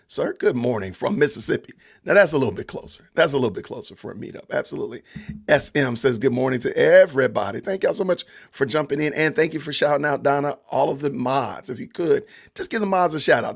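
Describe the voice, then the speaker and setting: A man's voice: medium pitch, vocal fry. A man hosting a live-stream podcast, commenting on a trial with emphatic repetition and reading out greetings from chat viewers. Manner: emphatic, repeats himself for stress. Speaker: podcast host.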